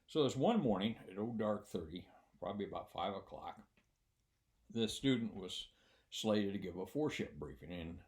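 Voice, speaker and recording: Older man telling a rambling flying story. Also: low voice. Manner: rambling, with many fillers and dry humor. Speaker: former military flight instructor. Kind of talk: casual spoken anecdote.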